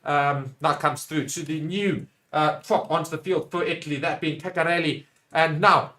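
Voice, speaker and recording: This young South African man is a watchalong commentator calling rugby live at a moderate pace. He gets louder and excited when teams attack, then goes low and quiet to read out viewer comments.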